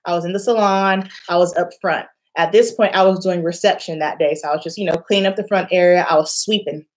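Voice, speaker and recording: Talking fast in a lowish voice, a young woman vlogs about something that happened to her, playing out everyone's quoted lines. This beauty vlogger stays animated throughout and laughs a lot.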